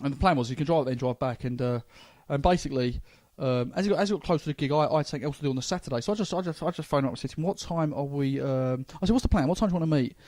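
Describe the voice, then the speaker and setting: A London comedian hosts a casual podcast chat, speaking very fast with few pauses in a fairly high, slightly mellow voice. The recording is dry, and he rambles with stammering restarts.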